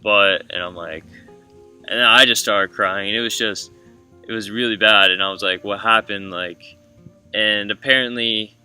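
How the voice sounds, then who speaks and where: Bright-voiced young man telling a story. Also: fairly low pitch, steady tone, normal speed, clean tone. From Florida. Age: 20s. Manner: casual, filler-heavy, emotional. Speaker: vlogger. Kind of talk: personal storytelling. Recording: from a distance with soft guitar music.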